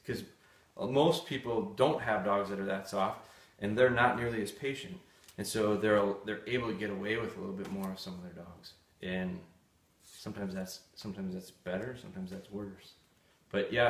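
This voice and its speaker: Man, lowish voice, dog trainer, live Q&A, blunt and candid, echoey room. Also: vocal fry. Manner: candid, blunt, storytelling with restarts. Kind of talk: live Q&A, answering viewer questions.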